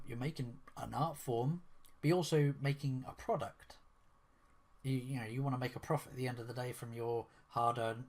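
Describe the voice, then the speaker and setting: A man's voice: mid-range voice, darkish tone. Male vlogger, casual rambling commentary, disbelieving tone, lots of "um" and restarts. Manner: rambling, incredulous, with frequent fillers and restarts.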